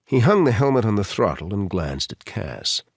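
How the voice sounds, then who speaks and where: A man reading a thriller audiobook in an expressive, dramatic manner. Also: on the low side, normal speed, husky, no echo, clean studio sound. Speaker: audiobook narrator. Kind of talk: scripted thriller narration.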